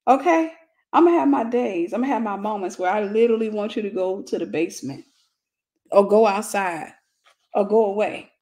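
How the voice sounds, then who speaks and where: A woman's voice: medium pitch, animated, normal speed, warm tone. A woman giving a casual, blunt and humorous talk on marriage as a Christian relationship teacher.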